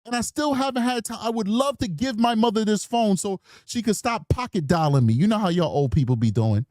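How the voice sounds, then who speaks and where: A man's voice: sits high, a little fast, no room sound. Man, 40s, true crime commentator, dry close sound, rambling slangy talk. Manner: rambling, slangy, animated storytelling. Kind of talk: casual reaction commentary.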